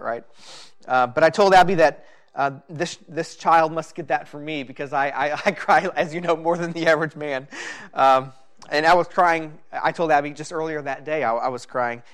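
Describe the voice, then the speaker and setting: A man giving a personal sermon as pastor, talking in a halting, reflective way with many fillers. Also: medium pitch, fairly bright tone.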